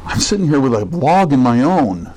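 A smug, preachy hypocrite who pretends to help others, as a preacher acts him out. He talks in an ordinary middle-pitched male voice. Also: big pitch swings, moderate pace, a little mellow, low-quality recording.

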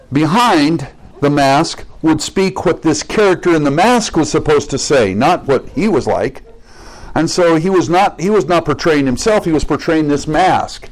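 In a sermon delivered over poor audio, a man with a middling male pitch addresses his congregation earnestly and conversationally. He reads scripture aloud, then explains it plainly.

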